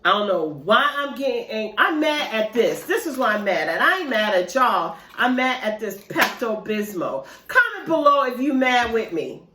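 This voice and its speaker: A woman's voice: fairly high pitch, sing-song, normal speed, few pauses, sharp tone, slight background noise. A woman chatting casually to her viewers in an eating vlog, addressing them directly in a talkative, loose way. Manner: chatty, talks straight to viewers with "y'all". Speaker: mukbang vlogger. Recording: roomy echo.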